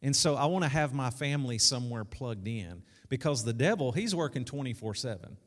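A man's voice: medium pitch, animated, a little fast. A man preaching a sermon as pastor, conversational, repeating key lines and calling out to the congregation. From South Arkansas. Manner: conversational preaching with repetition and call-outs. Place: church sanctuary. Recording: echoey church hall.

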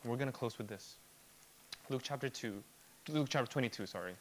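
Earnest male preacher, soft and slow. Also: mid-range voice, a little hiss or hum. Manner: earnest preaching, shifting from loud emphasis to soft, slow near-whispers. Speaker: pastor. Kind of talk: sermon.

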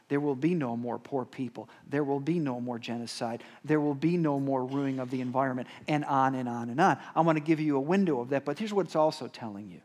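Male pastor, slightly high voice, chatty sermon delivery with big emphatic swells and hushed slow asides. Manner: conversational preaching with rhetorical asides and repeated "right?"; swings between emphatic rises and quiet, slowed-down drops.

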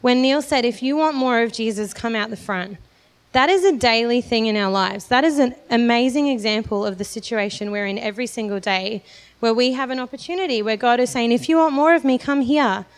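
A woman's voice: fairly high pitch, brisk, smooth. A young woman preaching a sermon in a church, earnest and personal, telling her own testimony with light laughs. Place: church hall. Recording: long hall reverb.

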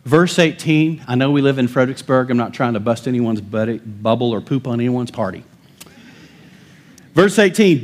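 A male pastor preaching a sermon, swinging between loud emphatic declarations and quiet low asides. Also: animated, moderate pace.

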